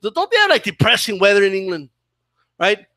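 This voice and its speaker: The speaker is a man running a boxing channel, swearing and ranting sarcastically during a loose livestream chat and tacking "right?" onto many of his points. His high, sharp voice swings widely in pitch at a brisk pace, captured with studio quality and no room sound.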